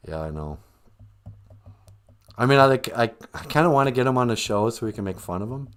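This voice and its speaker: A man hosting a comedic livestream, chatting in a joking, animated way. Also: mid-range voice, a little fast, long pauses. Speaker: livestream host.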